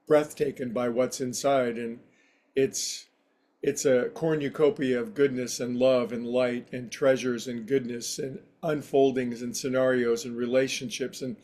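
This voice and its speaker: A man's voice: medium pitch, darkish tone. A man who teaches yoga and meditation, giving a casual spiritual talk in a rambling, anecdotal, conversational way.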